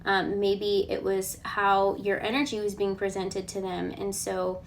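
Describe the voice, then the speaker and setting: A woman giving a casual collective tarot reading, relaxed and reassuring. She thinks aloud and often checks in with a questioning "okay?". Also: mid-range voice, a little slow, gravelly, a little hiss or hum. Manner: chatty, ends points with a questioning "okay?". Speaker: tarot card reader.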